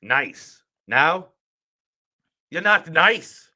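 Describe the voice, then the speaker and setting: Gruff rural Irish villagers trade blunt, sweary lines, in a bright, forceful voice that swings up and down a lot, as a man puts on the accent. The delivery is a rough imitation read aloud from notes, pitched a little high for a man. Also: big pitch swings, extremely slow, full character voice. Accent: put-on Irish. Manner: blunt, sweary quote reading. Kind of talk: reading film quotes in a put-on accent.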